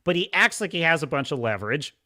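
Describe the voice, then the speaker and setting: Male podcast host, casual commentary, high-pitched with a bright edge, sarcastic and exasperated. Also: very animated, quick pace. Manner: acts out quoted dialogue in put-on voices. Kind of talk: casual commentary recapping a show.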